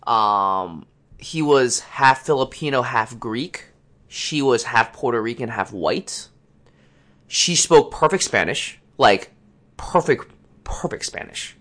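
Man of middle pitch, chatty co-host who spins loose, rambling anecdotes. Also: expressive, takes it slowly, a bit bright. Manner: rambling anecdote teller, acts out others' lines. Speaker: podcast co-host. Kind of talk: casual storytelling chat.

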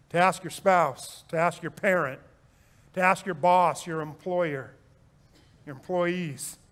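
Male pastor, high voice; sermon delivery, emphatic with repeated phrases and light humor. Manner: emphatic, swings between loud urging and quiet reflection; repeats phrases for effect, jokes and chuckles.

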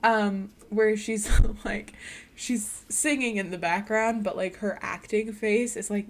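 A young woman co-hosting a podcast, chatting casually with wry, quick asides. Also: medium pitch, fairly even intonation. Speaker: podcast co-host. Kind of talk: casual chat.

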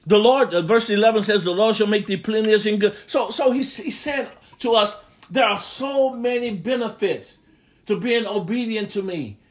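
A male preacher with a slightly high voice delivers a sermon. He reads old-fashioned scripture passages and preaches with emphatic rises and hushed, lower stretches. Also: normal speed. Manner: preaching with rising emphatic bursts and scripture readings in old English.

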